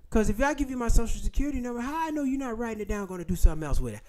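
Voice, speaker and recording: A man's voice: very high voice, rapid-fire, few pauses. A man hosting a casual livestream, talking bluntly and with lots of profanity. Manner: blunt, profane, animated storytelling. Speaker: channel host.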